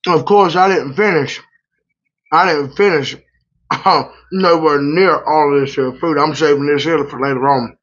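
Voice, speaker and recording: A trucker talks loose and colloquial as he eats and rambles into a story, his voice sitting a bit high for a man. The audio is slightly muffled and lo-fi. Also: unhurried, a bit bright. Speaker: truck driver and vlogger. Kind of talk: casual storytelling while eating. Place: hotel room.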